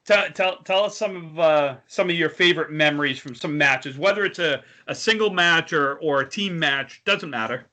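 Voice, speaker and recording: A man's voice: fairly high pitch, normal speed, few pauses, sharp tone. A man co-hosting a podcast, chatting casually, rambling through questions and laughing easily. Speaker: podcast co-host. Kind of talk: casual interview chat.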